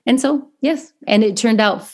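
A woman from Indiana with a thick Midwestern accent, co-hosting a podcast and telling animated stories with frequent laughter. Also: fairly high pitch, moderate pace. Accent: Midwestern American. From Indiana, USA. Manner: animated storyteller, laughs often. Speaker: podcast co-host. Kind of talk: casual chat.

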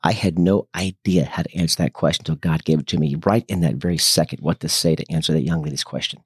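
A man co-hosting a casual Bible study discussion, telling anecdotes in an earnest, animated way. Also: extremely low pitch, quick pace, husky, no echo, clean studio sound. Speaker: church co-host.

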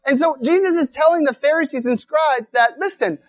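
A woman with a high, brisk voice gives a conversational sermon at a weekend church retreat. She speaks casually, repeating words as she goes and often asking rhetorical questions like "right?"

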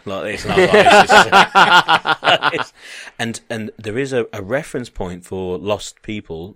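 A man's voice: on the low side, unhurried, no room sound, studio quality. A man telling a long, sweary anecdote in casual chat, doing voices of the people in it. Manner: animated anecdote-teller, swearing, mimicking others.

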